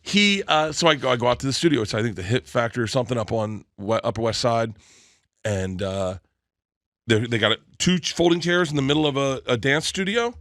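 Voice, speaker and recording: A man's voice: medium pitch, brisk, fairly bright tone, no echo, studio quality. A man telling a long comic story on a podcast, acting out the voices and laughing through it. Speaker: storytelling guest.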